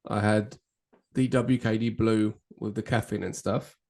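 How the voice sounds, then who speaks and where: A man's voice: fairly low pitch, fairly even intonation, a little slow, darkish tone. A man co-hosting a casual drinks podcast, swearing, laughing and teasing his friend. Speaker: podcast co-host. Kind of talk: casual banter over drinks.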